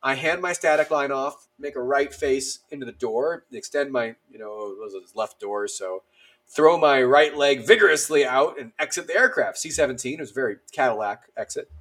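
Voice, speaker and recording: A man's voice: mid-range voice, moderate pace. A man in his thirties, an army veteran guest, telling stories casually and acting out the lines of people in them, with many fillers. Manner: animated, acts out dialogue, lots of fillers. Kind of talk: casual storytelling.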